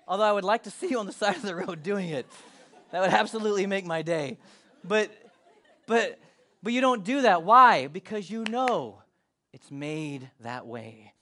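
A man's voice: high-pitched, pushed and bright. A male pastor preaching a casual, joking sermon with emphatic delivery.

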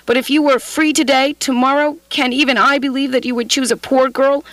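An actress playing a sorrowful young woman who gently lets her fiancé go in a radio drama. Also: high voice, fairly even intonation, brisk, no echo, low-quality recording. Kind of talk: 1980s radio drama acting.

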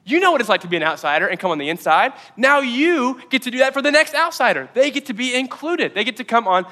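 A man preaching a sermon as pastor, energetic and quick to joke in asides. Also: very high-pitched, long reverb tail. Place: church auditorium.

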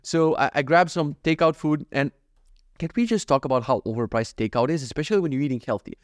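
A man's voice: a little high, quick pace, no echo, clean studio sound. A young man hosting a solo podcast, rambling through jokey, profane stories. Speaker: podcast host. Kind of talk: casual solo podcast monologue.

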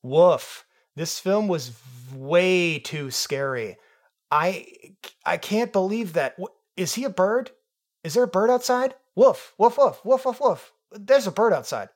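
Man putting on a high, yappy pack of dogs, scatterbrained, barks mid-sentence. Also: animated, unhurried. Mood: excited. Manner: scatterbrained, barking woof. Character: excitable pack of easily distracted dogs.

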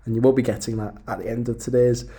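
A man's voice: medium pitch, level tone, fast talker. A young man hosting a podcast interview, chatting casually with rambling, joking banter. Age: young adult. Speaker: podcast host.

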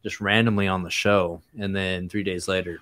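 Brief: man host, low pitch, dry close mic, relaxed recaps. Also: moderate pace, no echo. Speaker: podcast host. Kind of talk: casual chat.

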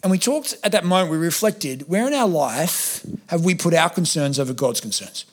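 A man's voice: fairly high pitch, expressive, normal speed. A man preaching a sermon as a pastor, humorous and acting out the voices he quotes. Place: church hall with congregation.

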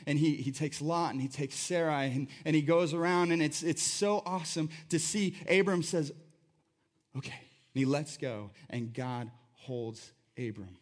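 A man preaching a sermon in a conversational, animated way, acting out voices as he tells the story. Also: on the high side, a little slow. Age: adult. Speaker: pastor.

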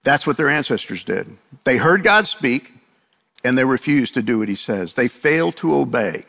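A man's voice: medium pitch, big pitch swings, normal speed, vocal fry, fairly bright tone. Man preaching in a reverberant hall. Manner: emphatic repetition and rhetorical questions. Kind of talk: sermon.

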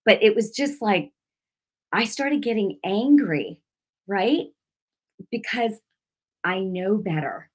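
A woman's voice: medium pitch, slow pace, pauses often. A middle-aged woman telling a personal faith testimony in a preachy way, with many fillers and restarts, rising into intense acted-out prayers. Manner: emotional, animated retelling with many fillers and restarts; acts out her own prayers and rebukes in a raised, intense voice. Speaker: Christian speaker giving a testimony.

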